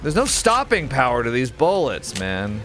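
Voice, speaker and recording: A man playing a horror game and rambling through a story in casual let's-play commentary, with quick exclamations. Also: medium pitch, huge pitch swings, over music. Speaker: gaming YouTuber.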